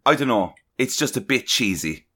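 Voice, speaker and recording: A man's voice: mid-range voice, expressive, normal speed, pushed and bright, husky. Podcast guy telling a story, swears a lot, kinda baffled. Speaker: podcast co-host. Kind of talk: casual podcast chat.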